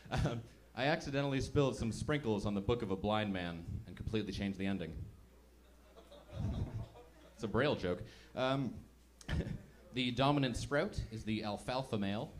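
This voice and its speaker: A man's voice: fairly low pitch, lively intonation, normal speed. A man doing a stand-up comedy set in a club, chatty and self-mocking, acting out little voices as he goes.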